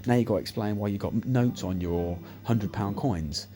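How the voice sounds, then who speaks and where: A man telling sweary, animated anecdotes while playing a slot machine, acting out what people said. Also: fairly low pitch, moderate pace. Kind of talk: casual storytelling over gameplay. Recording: music playing behind the voice.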